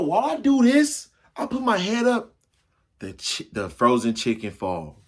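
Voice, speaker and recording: A man telling a funny personal story to his viewers in a casual, slangy way, acting out the crashes and his own yells. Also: high-pitched, measured pace. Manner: animated, acts out yells and crashes.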